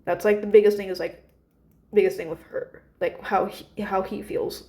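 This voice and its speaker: A woman's voice: medium pitch, level tone, normal speed, warm tone. A woman casually retelling a story about her characters, rambling with many fillers and restarts.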